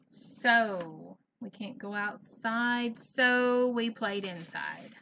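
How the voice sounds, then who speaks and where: A woman's voice: fairly high pitch, pushed and bright, a little hiss or hum. A woman teaching an online first grade phonics lesson, patient and encouraging, carefully over-enunciating each sound. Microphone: computer mic on a video lesson.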